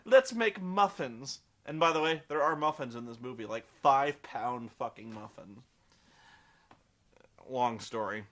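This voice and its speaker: A man's voice: mid-range voice, measured pace, pauses often, fairly bright tone. A man giving a rambling, sarcastic and profane comedic film review.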